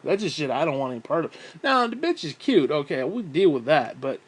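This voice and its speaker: A young man talks straight to the camera in a loose, rambling vlog, his voice sitting a little higher than most men's. He swears freely and trails off into laughs and sighs as he tells his story. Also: sing-song, brisk, slightly rough. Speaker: vlogger. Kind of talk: rambling casual monologue.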